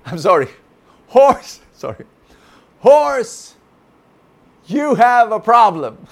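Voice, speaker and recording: A man voicing a wise bird that speaks slowly and knowingly, with a teasing, amused edge. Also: very high voice, sing-song, creaky, pitched above the performer's own voice, full character voice.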